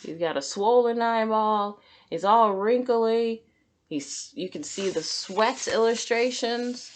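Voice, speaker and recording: A woman's voice: fairly high pitch, slow, a little hiss or hum. A woman teacher reading a picture book aloud to children, stopping to ask them questions. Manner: sympathetic, asks questions.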